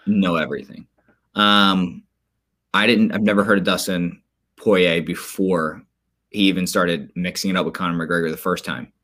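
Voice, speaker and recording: A man co-hosting a podcast, chatting casually about sports with animated storytelling and quick asides. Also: low-pitched. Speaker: podcast co-host.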